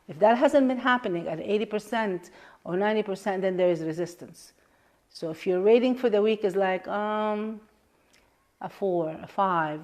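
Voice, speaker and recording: Woman life coach, mid-pitched voice, earnest and repetitive, leading a live exercise with quiet, hushed stretches. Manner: earnest, repeats affirmations and questions, drops to a soft hush. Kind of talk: live coaching session guiding a tapping exercise.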